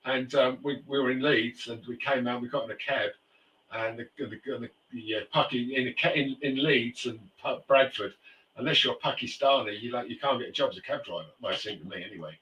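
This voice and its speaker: Rambling talk-show host, bright, roomy sound. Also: male voice, mid-range voice, a little fast, a little hiss or hum. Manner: rambling storyteller, frequent restarts and fillers. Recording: roomy, distant mic.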